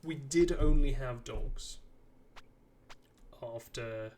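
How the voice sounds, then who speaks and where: A man's voice: medium pitch, very slow, dark tone, a little hiss or hum. A man giving casual live commentary while he plays a video game, rambling and chatting to the characters on screen. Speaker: streamer playing a video game. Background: game music.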